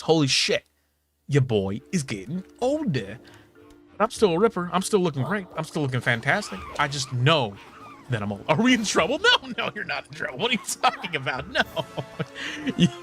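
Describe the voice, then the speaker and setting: Young male streamer, late twenties, loose and jokey, animated ups and downs, soft game music underneath. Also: medium pitch. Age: 20s. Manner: playful, joking, laughs often, swears casually. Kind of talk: casual gaming stream chat.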